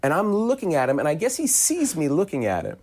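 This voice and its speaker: Animated man telling a story. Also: fairly high pitch, quick pace. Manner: animated, mimics others' voices. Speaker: actor telling an anecdote. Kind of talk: storytelling on a talk show.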